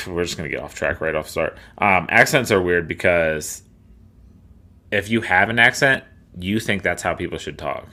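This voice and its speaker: A man's voice: low-pitched, expressive, normal speed, sharp tone. A young man co-hosting a podcast, chatting casually, laughing often and rambling. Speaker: podcast co-host. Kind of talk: casual chat.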